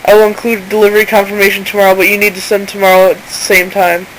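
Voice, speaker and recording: A woman's voice: medium pitch, level tone, quick pace, a bit bright, slight background noise, low-quality recording. A woman talking in a middle-range voice over a screen recording. She is casual and indignant as she walks through the evidence and reads messages aloud. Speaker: channel owner exposing a seller.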